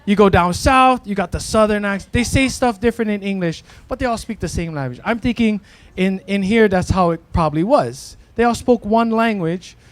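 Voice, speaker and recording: Preaching casually in a Hawaiian church, the pastor talks a little fast in a high voice. He works through ideas aloud, restarting often and tossing in "right?" again and again.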